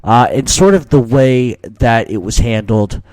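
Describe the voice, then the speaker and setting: A man's voice: mid-range voice, unhurried, a little mellow, dry recording. Profane ranting man hosting a talk show. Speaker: mob talk show host.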